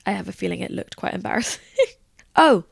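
A young woman chats away as a podcast host, spilling stories in a loose, rambling flow. Her voice crackles with heavy vocal fry throughout. The recording is dry, with no room sound around her. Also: mid-range voice, expressive, normal speed, no echo. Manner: chatty, rambling, heavy use of "like". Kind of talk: casual storytelling chat.

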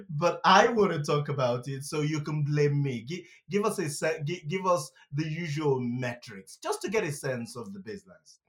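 A man hosts an interview with eager, chatty energy, often tripping over his own restarts. His voice sits a bit higher than most men's. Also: animated, moderate pace, hardly any pauses, fairly bright tone. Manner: enthusiastic, with stammered restarts and fillers. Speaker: podcast host and interviewer. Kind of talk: conversational interview hosting.

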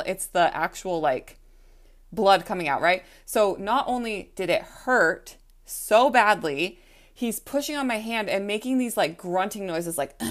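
A young adult woman telling a personal story in a casual, chatty way, with frequent "like" fillers and acted-out quotes. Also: medium pitch. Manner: chatty, heavy use of "like", acts out quotes.

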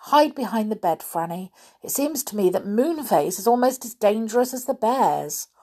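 A woman's voice: mid-range voice, lively intonation, moderate pace, dark tone, lightly acted. A woman voicing an anxious young girl. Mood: fretful. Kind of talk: storybook reading.

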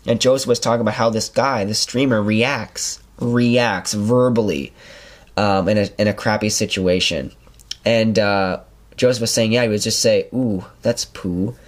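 Speaking at a moderate pace in a voice on the low side, this young podcast host rambles through animated stories. His casual chatter is packed with fillers.

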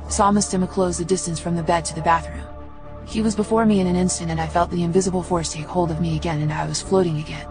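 A woman giving steady, unhurried first-person audiobook narration. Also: on the low side, poor audio.

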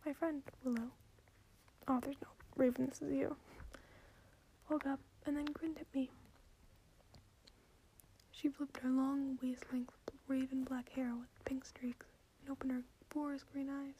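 A woman reading a story in a soft, deadpan whisper, in a whispered ASMR reading style. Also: sits high, unhurried, long pauses, a little hiss or hum.

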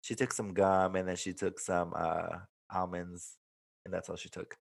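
A man's voice: deep voice, little pitch movement, normal speed, creaky. Laid-back man on a podcast mic. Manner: swearing, laughs often, mixes in Spanish. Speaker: podcast co-host. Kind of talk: casual podcast chat. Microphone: desk microphone, close.

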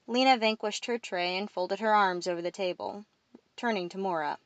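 A woman narrating a first-person novel in a steady storytelling read. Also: medium pitch, moderate pace, no echo. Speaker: audiobook narrator.

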